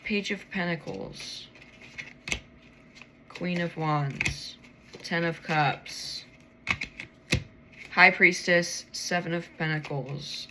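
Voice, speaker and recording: A woman's voice: on the low side, extremely slow, long pauses, background noise. A tired woman rambling to herself late at night as she pulls tarot cards, swearing freely and yawning. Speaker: tarot reader.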